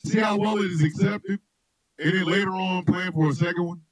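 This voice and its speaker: A man hosting a radio show, chatting loosely and telling comic stories, laughing often and shouting his punchlines. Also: high voice, brisk, dry recording, low-quality recording. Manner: loud, laughing, animated storyteller who shouts punchlines. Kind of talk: loose comedic chat with storytelling.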